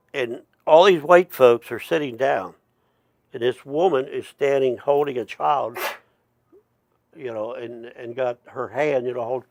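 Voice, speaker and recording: A middle-aged man tells a long personal story at a slow, unhurried pace. His voice has a gravelly, creaky texture and sounds dry and close. He rambles, stops to restart and wanders into asides. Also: medium pitch, no echo. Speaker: storyteller, Métis chief. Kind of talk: casual spoken storytelling.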